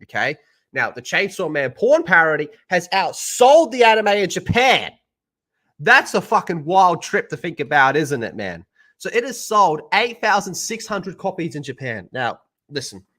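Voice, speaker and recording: Crude Australian man, bright voice. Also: high-pitched, very animated, normal speed. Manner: crude, loud, joking, swears often. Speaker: streamer host. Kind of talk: casual live-stream chat.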